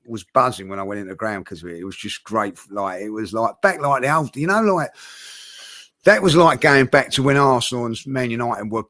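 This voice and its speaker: A man talks in loose, filler-heavy runs. His voice sits mid-pitch and comes through close and dry, with no room sound around it. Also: lively intonation, brisk, sharp tone, no echo. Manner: rambling, full of fillers and restarts. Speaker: football fan pundit. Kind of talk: casual panel chat.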